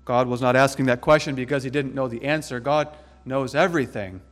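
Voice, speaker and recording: A man's voice: medium pitch, big-room sound. Emphatic, dramatic male preacher. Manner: emphatic, dramatic, swings between slow stresses and quick asides. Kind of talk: sermon.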